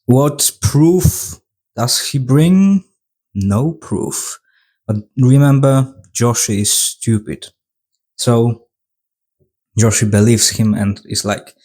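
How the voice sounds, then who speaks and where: Slow-talking sarcastic male film reviewer. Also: mid-range voice, dark tone. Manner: sarcastic plot retelling. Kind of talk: casual film retrospective.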